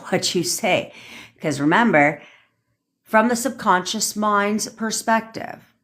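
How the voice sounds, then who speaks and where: A woman's voice: on the low side, a bit bright. A young woman coaching on a phone livestream, talking in a blunt, profane, cocky way and laughing at herself. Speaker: manifestation coach. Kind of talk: casual livestream rant.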